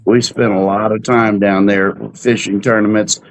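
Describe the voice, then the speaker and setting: A man's voice: fairly low pitch, moderate pace, poor audio. A man, chatting casually and telling stories with plenty of fillers. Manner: storytelling, relaxed with fillers. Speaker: host. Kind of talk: casual chat.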